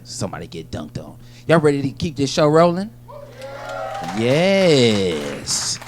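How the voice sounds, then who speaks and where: A man hosting a stand-up show, joking with the crowd and bringing on the next act, swinging between loud hype and low mutters. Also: wildly swooping pitch, slow, noisy background. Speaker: comedy show host. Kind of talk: stand-up crowd work and introductions. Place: comedy club stage.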